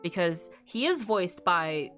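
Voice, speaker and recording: A woman's voice: on the low side, very animated, takes it slowly, a bit bright, soft background music. Giggly woman streamer chatting casually. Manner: giggly, rambling, laughs often.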